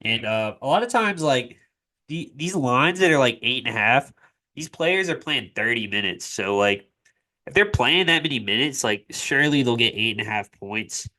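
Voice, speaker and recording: A man's voice: mid-range voice, lively intonation, normal speed, pushed and bright. A young man with a cold, talking through a sports betting walkthrough in a loose, filler-heavy way. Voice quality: nasal. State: congested from a cold. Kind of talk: casual screen-share walkthrough.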